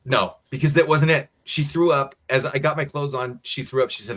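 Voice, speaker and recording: An American man, co-host of a casual talk show, telling a story in a lively way and acting out the voices of the people in it. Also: mid-range voice, a little fast. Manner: animated storyteller acting out quotes.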